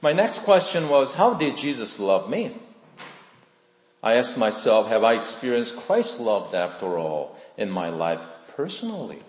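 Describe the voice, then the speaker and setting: A male pastor delivers a sermon in a very lively voice that rises and falls widely in pitch. He moves between loud, emphatic lines and soft, hushed ones. His voice rings through a big, reverberant hall with a long, roomy echo. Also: a little slow.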